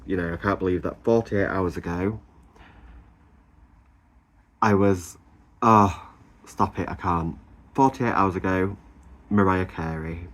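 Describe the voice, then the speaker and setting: Man, 30s, low voice; chatty vlogger gushing about his weekend, lots of ums and laughs. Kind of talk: casual chatty weight-loss update.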